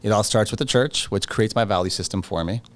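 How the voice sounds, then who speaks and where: A man appears as a guest in a conversational podcast interview, talking about his real estate work in a lowish voice, a little fast. He's confident and emphatic, driving points home with short, punchy repeated lines.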